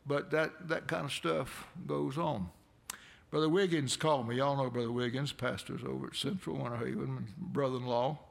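A man's voice: medium pitch, fairly even intonation, moderate pace, gravelly. A man preaching a folksy sermon in a church, rambling into conversational asides with a chuckle now and then. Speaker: pastor. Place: church sanctuary.

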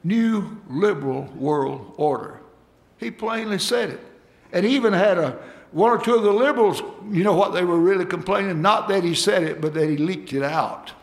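A man's voice: high voice, fairly quick. A man preaching a sermon, folksy and emphatic, calling out for amens from the congregation.

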